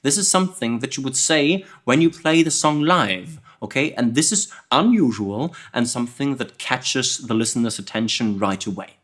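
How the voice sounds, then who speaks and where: A man teaching songwriting, explaining patiently and often checking in with the listener with a quick "okay?". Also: mid-range voice, expressive, fairly bright tone. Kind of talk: music analysis lesson.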